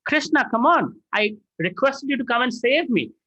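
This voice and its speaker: A man's voice: extremely high pitch, lively intonation, moderate pace, bright, forceful tone, highs cut off, pitched above the performer's own voice, full character voice. A man voicing a distressed queen pleading with her god, exasperated and urgent.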